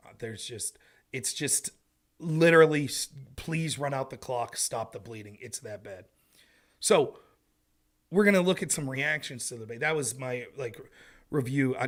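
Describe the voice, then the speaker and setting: A man's voice: medium pitch, a bit bright. A man hosting a casual livestream of political commentary from home, talking in an emphatic, conversational way.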